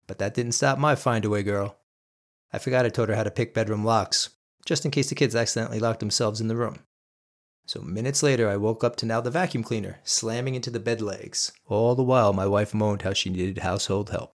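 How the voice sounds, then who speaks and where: A man's voice: fairly low pitch, a little fast. A man hosting a podcast, telling a personal story in an earnest, emphatic monologue aimed straight at his listeners. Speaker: podcast host.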